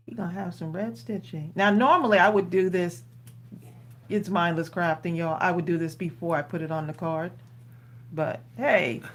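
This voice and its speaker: A woman from Long Island with a slight New York accent, chatting casually and laughing as she crafts on a live stream. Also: lowish voice. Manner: chatty, laughs often, says y'all. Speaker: co-host crafter.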